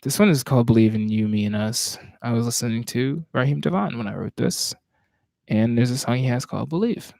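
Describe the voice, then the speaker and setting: Mellow-voiced Southern man musing aloud. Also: mid-range voice, brisk, gravelly, no echo. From Virginia, USA. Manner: reflective, searching, speaks in broken restarts. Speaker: spoken word poet. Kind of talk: casual livestream chat between poems. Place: home, at night.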